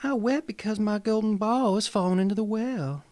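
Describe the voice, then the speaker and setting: A man's voice: moderate pace, a little mellow, lightly acted. A man putting on a tearful young princess. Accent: Southern US. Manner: high put-on girlish pitch.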